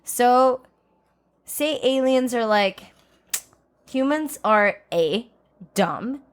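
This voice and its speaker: A woman's voice: fairly high pitch, animated, drawn-out words, smooth. A young woman hosting her own podcast in casual chat, playful and teasing with a sarcastic edge. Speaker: podcast host.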